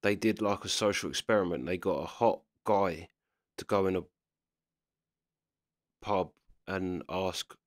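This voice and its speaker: A man's voice: sits low, a little slow, long pauses, no room sound, clean studio sound. A man giving casual commentary while reacting to clips, chatty and always checking you follow him. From England. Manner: chatty, keeps asking "do you know what I mean".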